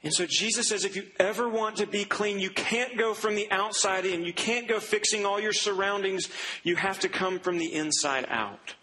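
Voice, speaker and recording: Man, pastor, sermon storytelling, high pitch, forceful bright tone, faint background hiss. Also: low-quality recording. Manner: acts out quoted voices, drops low and slow for grave lines.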